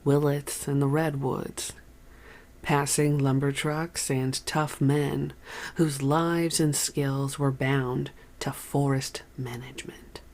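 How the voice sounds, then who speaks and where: Slow, measured memoir reader. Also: medium pitch, flat delivery, a little mellow. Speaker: audiobook reader. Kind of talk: reading a memoir aloud.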